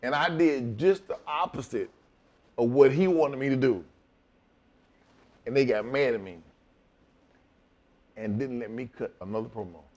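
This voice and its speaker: A middle-aged man and former wrestler telling a profane, animated story in a shoot interview, laughing as he goes. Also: mid-range voice, unhurried, long pauses.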